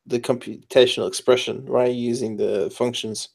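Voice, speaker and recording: A man's voice: mid-range voice, flat delivery, fairly quick, gravelly, husky. A tired man, up late at night, explaining programming choices in casual chat, hesitant with many fillers. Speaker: programmer giving advice.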